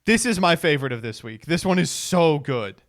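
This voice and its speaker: A streamer riffs on clips in a loose, sarcastic way, laughing and swearing as he talks. His pitch leaps around a lot, and his voice sits a bit higher than most men's. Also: very animated, brisk. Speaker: streamer host. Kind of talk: casual commentary on clips.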